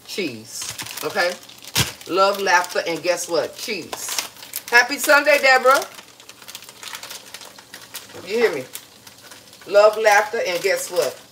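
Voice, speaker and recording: A woman's voice: fairly low pitch, animated, slow pace, fairly bright tone, a little hiss or hum, low-quality recording. Woman, home cook, playful chatty vlog, kitchen, faint sizzle behind. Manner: chatty, playful, talks straight to viewers. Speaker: home cook hosting a recipe video. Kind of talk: casual cooking vlog chat to viewers.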